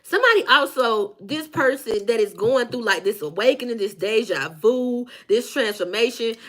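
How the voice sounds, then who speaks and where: High bright-voiced woman doing a loud, cussing tarot reading. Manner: brash, profane, animated, acts out the people she reads about. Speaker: tarot reader. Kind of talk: casual tarot reading monologue.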